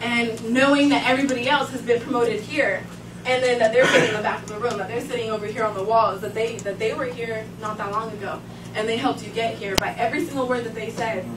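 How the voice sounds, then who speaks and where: A young woman giving an emotional farewell speech to her trainee group, laughing often and animated. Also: fairly high pitch, fast. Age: young adult. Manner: laughing often, animated, breaks into quoted voices. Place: large meeting room. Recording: echoey room from far off, noisy.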